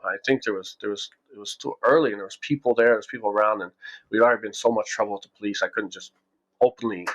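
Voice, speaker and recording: A man with a fairly low voice tells a story from his own life in a loose, conversational way. He circles back and restarts often and slips into little acted-out quotes of the people involved. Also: quick pace, fairly bright tone, dull audio. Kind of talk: casual spoken storytelling.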